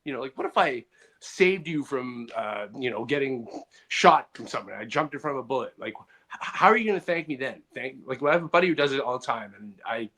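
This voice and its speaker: A man's voice: mid-range voice, animated, brisk, sharp tone. A man co-hosting a comedy podcast, rambling through stories in casual chat and mimicking the people in them. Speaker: podcast co-host.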